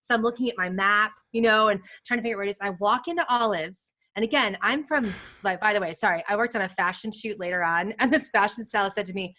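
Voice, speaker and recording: Bright-voiced woman telling lively stories. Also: medium pitch. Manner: animated, laughing, acts out quotes. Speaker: guest photographer. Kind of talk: casual podcast storytelling.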